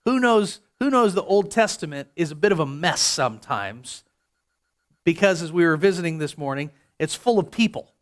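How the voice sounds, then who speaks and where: High-voiced, chatty male pastor preaching. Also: expressive, normal speed. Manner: conversational, jokey preaching with frequent restarts. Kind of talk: sermon.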